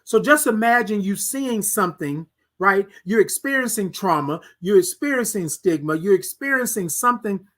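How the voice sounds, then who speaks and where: A podcast host giving a motivational monologue, full of emphatic, repeated rhetorical questions, talking straight to the listeners and at times gently coaxing themself by name. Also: medium pitch, animated, moderate pace. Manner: speaks to self by name, soft and coaxing in places.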